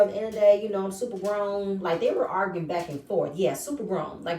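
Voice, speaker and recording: Animated woman recapping drama, echoey room. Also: medium pitch, quick pace, few pauses, recorded from a distance. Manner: animated, acts out quoted lines in shifting voices. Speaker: reality show reviewer. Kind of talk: casual recap commentary. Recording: echoey room, voice set back from mic.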